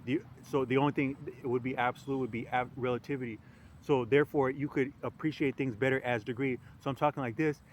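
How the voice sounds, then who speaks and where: A man musing aloud in a casual philosophical monologue, rambling and halting with frequent restarts and fillers. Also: medium pitch, fairly even intonation, a little hiss or hum. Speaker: podcast host.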